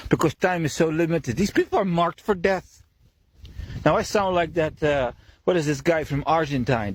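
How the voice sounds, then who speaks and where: Animated man ranting, dry close mic. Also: dry recording. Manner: animated, swings pitch often, swears, laughs mid-sentence. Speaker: podcast host. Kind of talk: casual monologue.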